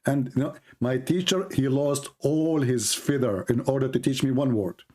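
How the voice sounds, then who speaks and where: A middle-aged man from the Middle East, hosting a live stream with a sarcastic, teasing monologue and drawn-out exclamations. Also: mid-range voice, a little mellow.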